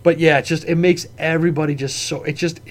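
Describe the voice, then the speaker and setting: A man talks on a casual podcast, his voice sitting a little high for a man. He rambles, trips over his own words and restarts, and swears freely. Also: fairly even intonation, fast talker. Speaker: podcast co-host.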